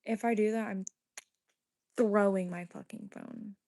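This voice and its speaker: A woman's voice: medium pitch, steady tone, measured pace, vocal fry, a little mellow. A woman hosting a casual livestream from her phone, reading the chat and cursing constantly as she argues back at viewers. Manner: profane, confrontational, heavy cursing. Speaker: livestream host. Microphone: phone held away from face.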